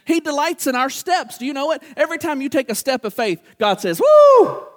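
High-voiced man preaching a sermon. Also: brisk. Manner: animated, acts out dialogue, repeats for emphasis.

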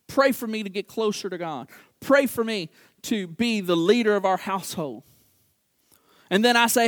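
A middle-aged man preaching a sermon, animated and acting out little dialogues, repeating words for emphasis. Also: sits high, normal speed.

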